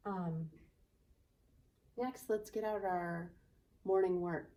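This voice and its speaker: A woman teacher leading a cheerful, gentle morning meeting for young children in a virtual class, indoors. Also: lowish voice, fairly even intonation, distant mic, slight background noise. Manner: gentle, cheerful, talking slowly to little kids.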